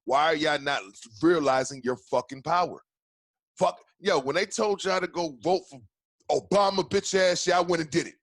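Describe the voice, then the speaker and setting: A man's voice: a little high, moderate pace, fairly bright tone, no room sound. A man hosting a casual podcast, ranting in a heated, profane way with many restarts. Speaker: podcast host.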